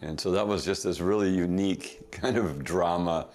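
A middle-aged man casually telling a family story as a podcast guest, chuckling often and throwing in quick asides. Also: deep voice, a little mellow, soft background music.

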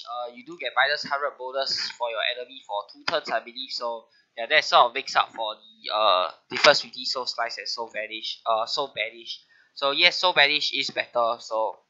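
A man's voice: mid-range voice, bright, forceful tone, muffled recording. A man hosting a casual gaming video, sick with a bad flu, his voice nasal, talking through update notes with frequent "uh" fillers. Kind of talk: casual game update commentary.

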